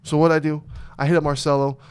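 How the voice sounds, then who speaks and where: A man's voice: a little high, little pitch movement, fast talker, clean tone. A man hosting a podcast, telling rambling stories in loose, profane casual chat. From Arizona. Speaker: podcast host.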